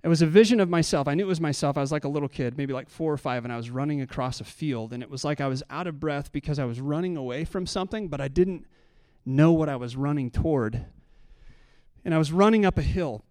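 A pastor preaching a sermon, telling a personal story and building to impassioned preaching. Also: male voice, fairly high pitch, fast, mellow, dry recording, clean studio sound.

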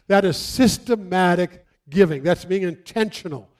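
High-pitched male pastor preaching outdoors, acts out his stories. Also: moderate pace, hardly any pauses. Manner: animated, acts out stories and quotes. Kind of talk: sermon. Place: outdoors near trees.

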